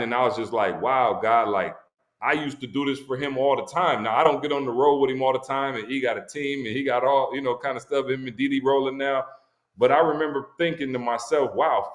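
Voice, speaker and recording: In an echoey room, a man of medium pitch tells a heartfelt story about a friend as a guest on a launch stream. His delivery is emphatic and slangy, and his voice climbs as he gets excited.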